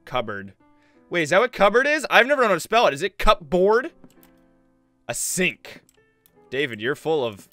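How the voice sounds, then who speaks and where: A man's voice: mid-range voice, bright, forceful tone, dry recording. A young man giving jokey, casual commentary while playing a horror game and reading its text aloud. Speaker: let's play host.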